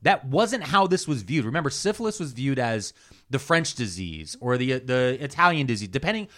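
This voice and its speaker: A man co-hosting a podcast, walking the others through his notes in a casual, animated way with many "uh"s and "like"s. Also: mid-range voice, moderate pace. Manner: animated storytelling with many fillers. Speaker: podcast co-host presenting the topic.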